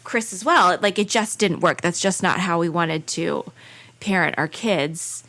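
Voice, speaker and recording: A woman's voice: on the low side, a little slow, fairly bright tone. A woman in her thirties, a podcast guest in casual chat, telling stories in an earnest, candid way. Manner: earnest storyteller, candid and frank.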